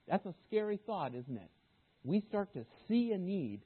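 A man preaching a sermon as guest speaker, animated, sometimes voicing the disciples' objections. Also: mid-range voice, a little fast, husky. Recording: tinny phone-like sermon recording.

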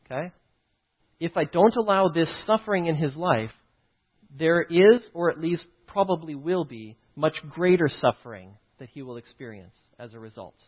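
A man's voice: fairly high pitch, expressive, normal speed. A man teaching through a personal story, often stopping to check in with "right?" and "okay?". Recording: tinny phone-like line.

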